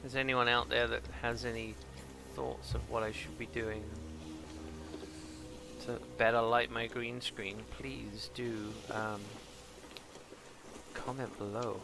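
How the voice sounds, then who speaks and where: Music plays behind a gravelly man with a mid-range voice who speaks slowly in a level tone. He's a gaming streamer from England with a British accent and a son, casually commenting on gameplay from his home green-screen setup. He rambles freely and talks back to the characters on screen.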